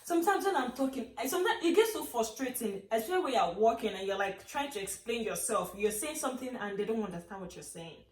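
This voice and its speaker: A woman's voice: fairly high pitch, quick pace, few pauses. A young Nigerian woman talks casually to camera, telling stories about life abroad and acting out what others said. Her voice sounds a little distant and bounces around a roomy space. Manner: chatty, animated storytelling with acted quotes. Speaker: vlogger. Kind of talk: casual chat.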